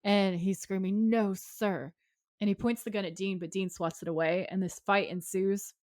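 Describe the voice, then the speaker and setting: A woman's voice: mid-range voice, moderate pace, dry recording, clean studio sound. A woman co-hosting a podcast, retelling a TV episode scene by scene in casual chat and acting out the quotes. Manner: animated retelling, acts out quotes. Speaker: podcast co-host.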